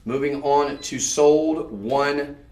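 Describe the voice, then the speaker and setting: A man's voice: fairly high pitch, takes it slowly, darkish tone. An upbeat man hosts a live jewelry sales stream in a chatty, salesy way. His voice sits in the middle range and carries the echo of a roomy studio. He sounds a little way off from the mic. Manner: upbeat, chatty, salesy, addresses viewers as ladies and folks. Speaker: shopping channel jewelry host. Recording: echoey room, voice from a distance.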